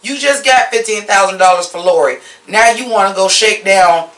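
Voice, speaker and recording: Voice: medium pitch, moderate pace, roomy sound, far from the mic, slight background noise. A host giving a casual episode recap and review, blunt, profane and openly opinionated, mocking the scenes they dislike. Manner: animated, mocking.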